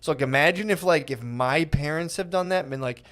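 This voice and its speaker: A man's voice: a little high, fairly quick, hardly any pauses, a bit bright. A man co-hosting a comedy podcast, telling a long rambling story in casual chat, full of "like" and "dude". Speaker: podcast co-host.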